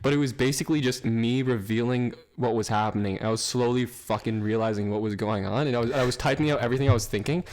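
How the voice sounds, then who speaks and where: A young man spins a rude story for a podcast, voice at a middle pitch. He tells it in an animated way, laughing often and swearing freely. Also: quick pace, hardly any pauses. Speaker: podcast co-host. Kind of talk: casual chat.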